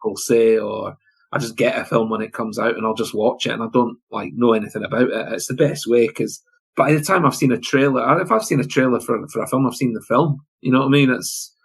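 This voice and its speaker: A British man guesting on a podcast, chatting excitably about films with many repeated words and restarts. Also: medium pitch, brisk, vocal fry, slightly rough. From Britain. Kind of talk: casual film chat.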